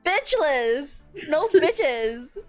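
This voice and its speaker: Giggly high-voiced young woman streamer. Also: drawn-out words, soft background music. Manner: giggly, joking, expressive. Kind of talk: casual game stream chat.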